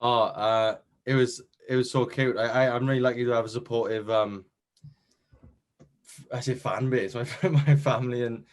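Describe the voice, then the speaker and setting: A man's voice: medium pitch, fairly even intonation, moderate pace. A young man with a Welsh accent, chatting modestly in an interview about winning a competition, with lots of fillers and restarts. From Wales. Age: young adult. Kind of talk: casual chat.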